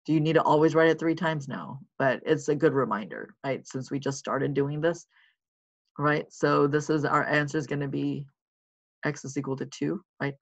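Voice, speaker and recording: A math teacher records a lesson, working through problems aloud in a casual, reassuring way and checking in with listeners as the writing goes along. The voice sits in a middle pitch with a gravelly edge. The recording is slightly muffled and lo-fi. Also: fairly even intonation, moderate pace. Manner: encouraging and reassuring.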